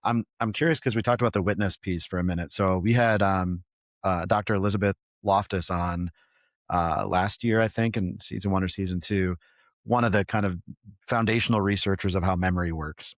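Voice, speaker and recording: Low-voiced man hosting a podcast. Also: steady tone, fairly quick, dry recording, clean studio sound. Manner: thoughtful, rambling questions with restarts. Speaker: podcast host. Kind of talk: conversational podcast interview.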